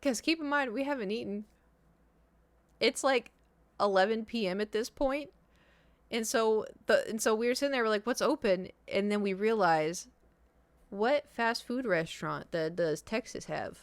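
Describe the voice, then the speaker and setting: A young woman streamer telling a travel story in a chatty, animated way, full of likes and laughs. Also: on the high side, normal speed, dry recording. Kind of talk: casual storytelling.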